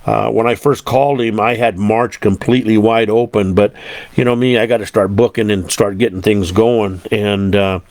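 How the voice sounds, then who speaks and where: A man's voice: on the low side, fairly even intonation, moderate pace, darkish tone, no room sound. Laid-back rambling man, dry sound. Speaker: podcast host. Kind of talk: casual storytelling chat.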